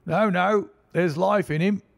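A man voicing a bystander shouting from a street crowd in an audiobook, calling out urgently. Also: high voice, fast, slightly rough, pitched above the performer's own voice. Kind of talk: audiobook reading.

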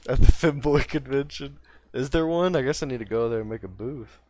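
A man in his twenties chats on a livestream in a loose, rambling way. His talk is casual and profane, full of false starts and circling thoughts. His voice sits at an ordinary mid pitch. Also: a little fast, dark tone, no echo. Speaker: streamer.

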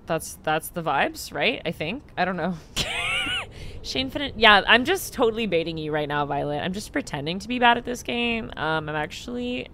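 A woman giving casual, chatty commentary while streaming a video game, sarcastic and swearing, with sudden loud squeals. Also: mid-range voice, a little hiss or hum.

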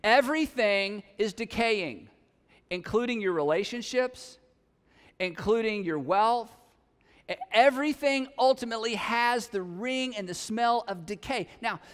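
A middle-aged male pastor preaching a sermon in a conversational, animated way, often mimicking his listeners. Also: very high voice, moderate pace. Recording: long reverb of a large hall.

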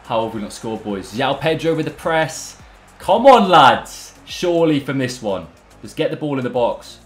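An excitable young man bantering his way through live football game commentary. His voice sits in a roomy, echoing space with faint music playing underneath. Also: mid-range voice, moderate pace. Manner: excitable, banter-filled, addresses viewers as lads and boys. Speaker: gaming YouTuber.

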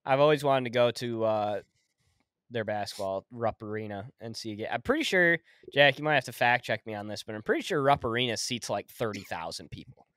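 Young dude cracking jokes on a podcast, dry mic, normal pitch. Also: male voice, a little fast, no echo. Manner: relaxed, joking, swears. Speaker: podcast co-host. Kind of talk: casual chat.

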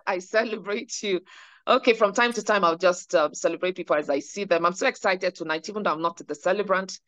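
A woman's voice: on the low side, brisk, fairly bright tone. A woman hosting an online church service, cheerfully calling on each speaker in turn. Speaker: service host. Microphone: video call. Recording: dull, lo-fi call audio.

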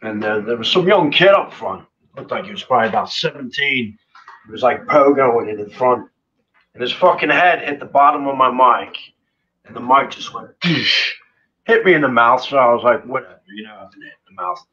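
Over a remote live stream call, a punk band's singer shares road stories in a casual interview, his medium-pitched voice animated, fairly quick, bright, and forceful. He's a profane, rambling storyteller packed with fillers, heard through lo-fi sound with slight background noise.

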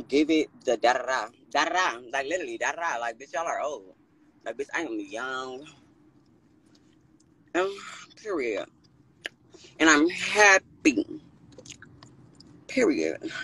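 A man in his twenties ranting on a phone livestream from a car at night, sassy and profane, with sudden high squeals. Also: fairly bright tone, rough recording. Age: 20s. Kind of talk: casual livestream rant. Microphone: phone held at arm's length.

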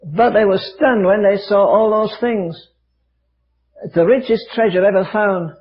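An older man preaching with a high, lifted voice, spinning stories and rhetorical questions with a dry wit. The old recording is dull and muffled. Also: measured pace. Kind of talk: sermon. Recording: dull lo-fi archive sermon recording.

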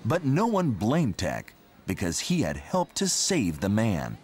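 A man reading a children's story aloud in an expressive, unhurried way. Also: on the low side, a little hiss or hum. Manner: slow, very animated expressive reading. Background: music.

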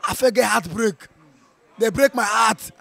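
A Nigerian man with a strained voice from shouting, reacting to a football match in an animated, playful way, slipping into Pidgin. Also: high-pitched, unhurried, vocal fry. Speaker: football fan. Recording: outdoor viewing center.

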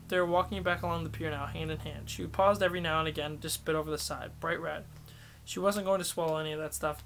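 Man, audiobook reader, steady novel reading, slightly higher pitch. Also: fast talker, gravelly, a little hiss or hum. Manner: steady, self-correcting reading.

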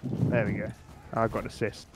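A young man streaming a medieval battle game with friends, swearing and shouting at the action. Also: lowish voice, level tone, moderate pace. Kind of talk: casual gaming chat and live reactions. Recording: game noise clearly audible behind.

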